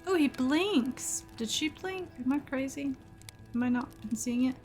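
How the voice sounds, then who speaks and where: A woman's voice: sits high, unhurried, darkish tone, faint music behind. A young woman streaming a story game, reading its text aloud and reacting with frequent laughs in casual commentary.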